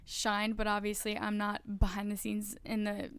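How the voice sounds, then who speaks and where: A woman's voice: medium pitch, monotone, moderate pace, a bit bright, smooth, no echo. A young woman co-hosting a family podcast, chiming in and laughing in casual chat. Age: young adult. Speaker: podcast co-host, daughter.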